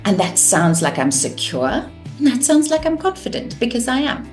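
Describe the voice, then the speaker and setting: A woman teaching a course on communication, calm and measured, showing vocal techniques. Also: a little high, faint music behind. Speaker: communication coach.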